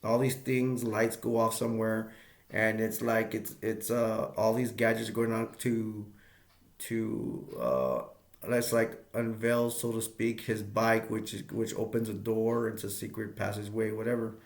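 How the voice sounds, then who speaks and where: A man's voice: lowish voice, steady tone, measured pace, roomy sound. A man reviewing a movie in a casual, rambling way, with many fillers and restarts as he retells scenes.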